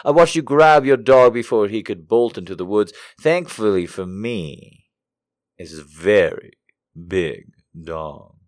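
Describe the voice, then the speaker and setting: A man as comedic host, rambling in a deadpan, self-mocking way and reading letters aloud. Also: lowish voice, unhurried, dry recording, clean studio sound.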